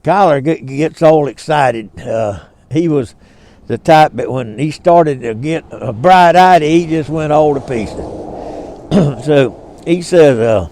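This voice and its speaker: Slow, high-voiced older Southern storyteller. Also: male voice, darkish tone. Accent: Southern US, Georgia. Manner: homespun drawl, chuckling asides. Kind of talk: folksy storybook reading.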